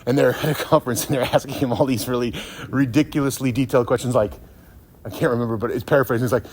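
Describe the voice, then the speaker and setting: A man's voice: medium pitch, fast. A man ranting in a sarcastic, profane commentary monologue, laughing often. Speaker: YouTube commentator.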